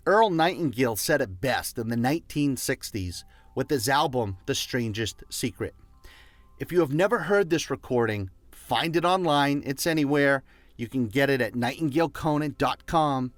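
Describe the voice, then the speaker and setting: A man's voice: medium pitch, no echo. A man giving a motivational talk, emphatic and repetitive, leading listeners to repeat phrases after him. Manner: emphatic and repetitive, leads listeners in call-and-response. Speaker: motivational speaker.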